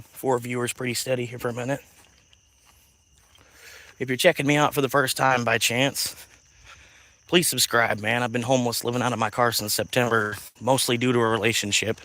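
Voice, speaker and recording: A man's voice: mid-range voice, bright, forceful tone, poor audio. A man chatting casually on a livestream, rambling, swearing and laughing often, outdoors at night.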